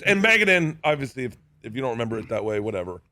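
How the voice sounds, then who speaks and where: A man's voice: medium pitch, very animated, rapid-fire, pushed and bright, no echo. A man telling comic stories as a studio guest, laughing often and acting out the other people in them. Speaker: comedian guest. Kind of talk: animated storytelling. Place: radio studio.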